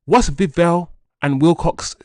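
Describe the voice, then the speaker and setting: A man hosting a football fan channel, reading transfer news aloud and riffing on it in a jokey, animated way. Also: on the high side, slow pace, no room sound, clean studio sound. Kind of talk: casual transfer-news commentary.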